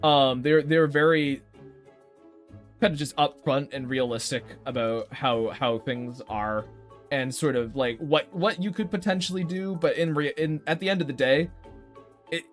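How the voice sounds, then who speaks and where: A young man's slightly high voice comes through unhurried against soft background music. He's an artist livestreaming his drawing, chatting directly to viewers and ranting with lots of swearing.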